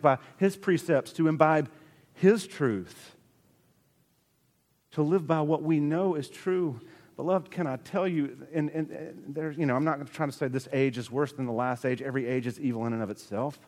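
A male pastor preaching a sermon with earnest emphasis, his voice rising to strong peaks and dropping low. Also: a little mellow. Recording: long reverb of a large hall.

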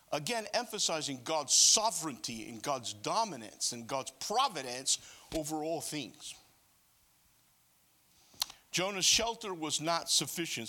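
Animated male preacher with a bright voice. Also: on the high side. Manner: animated, joking asides. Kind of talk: sermon.

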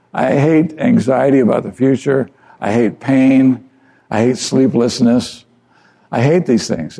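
An older man, a pastor delivering an earnest, conversational sermon with a gravelly voice and repeated phrases. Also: medium pitch, dark tone.

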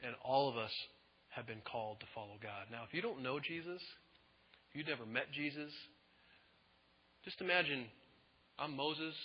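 A male pastor preaching a sermon in an animated way, acting out quotes in different voices. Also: medium pitch, moderate pace, long pauses, breathy edge. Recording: echoey hall, dull lo-fi sound.

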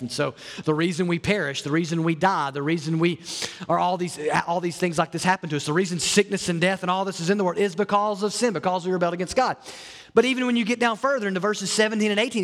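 A man's voice: high voice, fairly bright tone, in a large hall. A man preaching a sermon as a pastor, earnest and often repeating or restarting his words.

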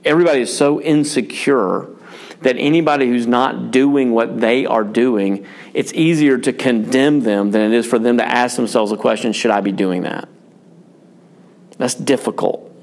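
A male pastor with a gravelly voice talks about family life in a casual, unscripted way. He rambles frankly, is quick to poke fun at himself, and often restarts his sentences. His pitch sits in the usual middle range for a man. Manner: rambling, frank, self-deprecating, many fillers and restarts. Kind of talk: casual pastoral chat on parenting.

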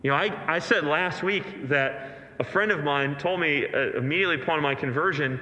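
A man's voice: fairly high pitch, normal speed, pushed and bright. A male pastor preaching an earnest, emphatic sermon to a congregation in a church, with rhetorical questions. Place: large church sanctuary. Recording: echoey hall reverb.

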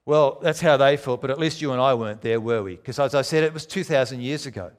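A man preaching a sermon, emphatic, swinging between loud declarations and quiet, low lines. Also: quick pace.

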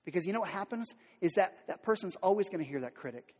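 A man with a high, animated voice, darkish in tone with a breathy edge, preaches as pastor, talking fast with hardly any pauses. He is candid and conversational, using many fillers and restarts, and acts out quotes from everyday people. The recording has long hall reverb.

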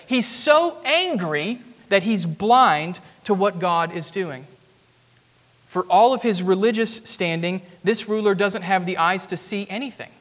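A man with a notably high voice preaches earnestly, explaining a passage step by step and swelling with emphasis at key points. His words ring out with a long reverb, as if filling a large sanctuary. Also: fairly bright tone. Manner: earnest expository preaching, rising emphatic at climaxes. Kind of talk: sermon.

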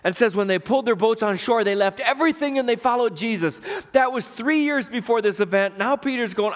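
A man's voice: very high-pitched, fairly quick. A man pastor preaching a sermon, telling a story with animation and acting out the voices in it.

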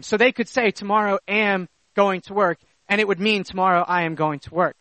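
A man's voice: high-pitched, bright, forceful tone, no room sound, low-quality recording. A man preaching a sermon, teaching step by step in an emphatic, explanatory way.

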